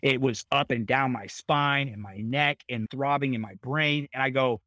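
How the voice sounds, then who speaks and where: A man's voice: mid-range voice, moderate pace, no echo. A young man, a podcast guest, vividly retelling a dramatic personal story in casual, profanity-laced speech. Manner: vivid, swears freely, animated retelling.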